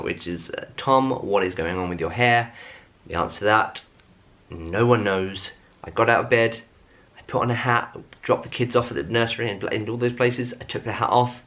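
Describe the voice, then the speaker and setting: Casting: male vlogger, thirties, bright forceful tone, chatty and self-deprecating. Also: mid-range voice. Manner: rambling, self-mocking, chatty with many fillers. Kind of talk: casual chat to camera. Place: at home.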